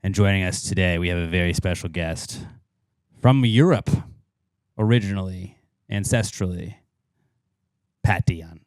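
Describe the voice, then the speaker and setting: A man's voice: low voice, unhurried, long pauses, dry recording, studio quality. A man hosting a podcast in casual, joking chat, recorded indoors around a coffee table. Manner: joking, loose and playful. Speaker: podcast host.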